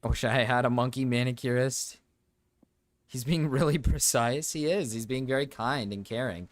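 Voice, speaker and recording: Excitable young man streaming, dry sound. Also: normal speed, dry recording. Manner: excitable, swears, frequent laughter, sudden high yelps. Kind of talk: live-stream reaction commentary.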